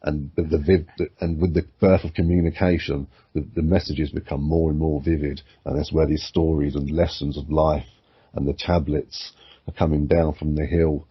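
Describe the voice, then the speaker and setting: A man with a very low, husky voice, talking in a relaxed, rambling podcast chat. He swears constantly and gets animated as his theories build. The sound is dull and lo-fi. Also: moderate pace. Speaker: podcast co-host. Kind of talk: casual chat. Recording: muffled lo-fi sound.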